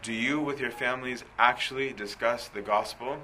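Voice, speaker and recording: A preacher from the Coptic Christian community gives a conversational sermon packed with rhetorical questions and asides. His mid-range voice is steady and bright with a forceful tone at a normal speed. The recording is rough, with a little hiss or hum.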